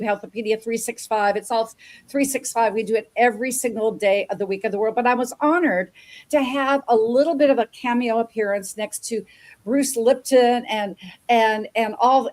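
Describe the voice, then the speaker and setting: A woman's voice: on the high side, darkish tone. A woman hosting an interview show, talking in an effusive, rambling way and often repeating words as she goes. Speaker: show host. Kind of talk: enthusiastic interview chat.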